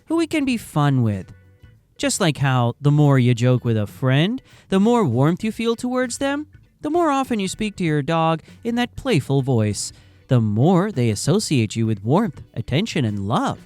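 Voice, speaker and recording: A man's voice: on the high side, a little mellow. A man giving scripted narration for a video channel, with wry, conversational asides.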